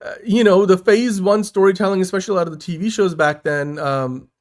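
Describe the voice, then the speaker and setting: A man's voice: sits high, brisk, darkish tone. A man hosting a casual podcast, talking in an easygoing, reasonable way with lots of fillers. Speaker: podcast host.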